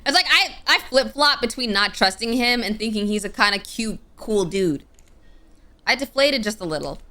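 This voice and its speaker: A woman's voice: a little high, moderate pace. A young woman streamer reading a game story aloud with dramatic flair and playful casual asides. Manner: expressive, with sudden playful outbursts.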